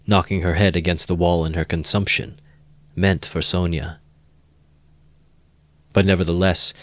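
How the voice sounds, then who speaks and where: Deep-voiced man reading a novel aloud. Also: no room sound. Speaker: reader. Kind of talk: amateur audiobook narration.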